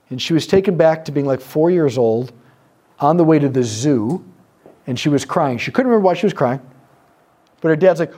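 A man with a fairly high, expressive, warm voice gives a sermon-style teaching on prayer ministry to a live group. He tells a story, acting out the voices of the people in it and letting his pauses land.

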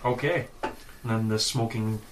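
Low-voiced man running a tabletop game. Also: steady tone, normal speed, noisy background. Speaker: dungeon master.

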